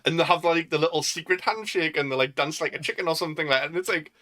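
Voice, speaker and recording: A man's voice: a little high, quick pace, pushed and bright. A man with a Northern English accent hosting a film podcast in casual chat, laughing often and leading the questions. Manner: laughs a lot, leads the questions. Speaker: podcast host.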